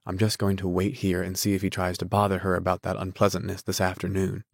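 A man's voice: low-pitched, monotone, fast talker, vocal fry, no room sound, clean studio sound. A man reading the part of an earnest, anxious wealthy young man keeping watch, formal and insistent, in an audiobook.

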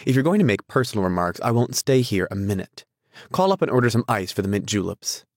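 A man voicing a restless, flighty young society woman in a storybook reading, lifting his voice into a sharp, petulant tone. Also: lowish voice, big pitch swings, quick pace, no room sound, clean studio sound. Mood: indignant.

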